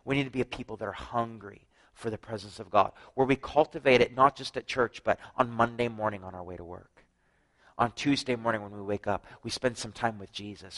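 A man preaching a sermon, telling his own story with lively acted-out dialogue and frequent drops to a hushed voice. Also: on the low side, a little fast, low-quality recording. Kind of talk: sermon with personal testimony.

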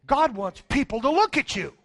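A male pastor preaching with a very high, bright, ringing voice. He swings between booming shouts and hushed, low asides. He acts out the voices of his listeners as he goes. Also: sing-song, moderate pace. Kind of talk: sermon.

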